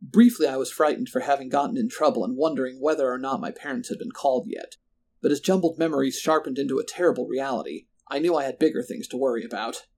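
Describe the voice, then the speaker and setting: A man's voice: mid-range voice, fast talker, a little mellow. Man telling a first-person horror story. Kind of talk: scripted horror narration.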